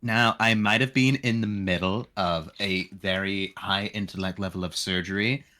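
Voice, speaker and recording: A man's voice: deep voice, fairly even intonation, normal speed, bright, forceful tone. A man putting on a ditzy valley girl doctor. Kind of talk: voice acting while reading a visual novel aloud.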